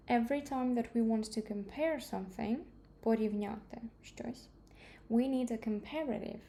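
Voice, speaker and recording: Slow, mellow-voiced woman teaching English. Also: on the high side. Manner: slow, careful explaining with glosses in another language. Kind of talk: grammar lesson explanation.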